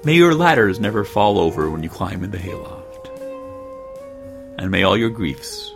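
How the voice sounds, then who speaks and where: A man hosting a podcast, reading a children's storybook aloud in an expressive way with dry humor. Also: lowish voice, moderate pace, gravelly, music in the background. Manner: expressive, dryly joking. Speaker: podcast host.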